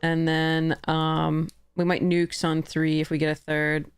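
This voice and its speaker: A woman's voice: deep voice, monotone, measured pace, clean tone, no room sound. A woman streamer chatting casually as she plays a card game, laughing often and correcting herself. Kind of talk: casual commentary while playing a card game.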